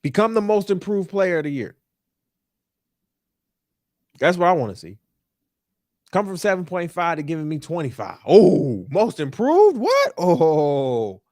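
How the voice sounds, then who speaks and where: A young man holds forth on a sports talk show, emphatic and exasperated, repeating his points. His pitch swings widely, and his voice sits a little high for a man. The sound is close and dry, with no room around it. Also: expressive, moderate pace, long pauses, no room sound. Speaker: podcast host. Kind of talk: animated sports talk rant. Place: New York.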